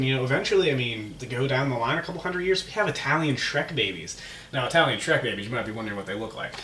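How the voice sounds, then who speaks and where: A man's voice: medium pitch, sharp tone, distant mic. A man improvises a comic story for his vlog, rambling, chuckling and poking fun at himself. He is recorded on a camera mic from across a roomy indoor space with a faint hum behind him. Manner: rambling, chuckling, self-mocking. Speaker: host.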